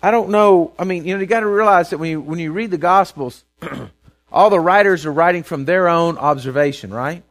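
A man's voice: a little high, moderate pace, fairly bright tone. A man, preaching a sermon as a pastor. He tells the story in a casual, conversational way, stammering through restarts and often checking in with "right?" and "okay?".

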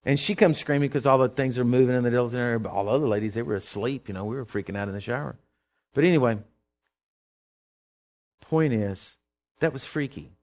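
A man preaching a sermon, animated and storytelling, breaking into sudden loud outbursts. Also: medium pitch, brisk, long pauses.

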